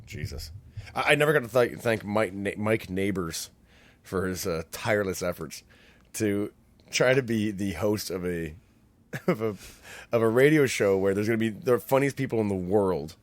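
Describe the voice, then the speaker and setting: A man co-hosting a casual podcast chat, profane and quick to laugh, often acting out the voices of people he describes. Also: on the low side, animated, no echo. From Canada. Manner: profane, laughs a lot, acts out quoted voices. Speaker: podcast co-host.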